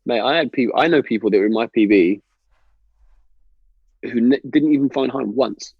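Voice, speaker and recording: An army veteran telling rowdy barracks stories in casual chat, swearing and laughing. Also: male voice, medium pitch, normal speed, vocal fry, breathy edge, dry recording, narrow, tinny audio.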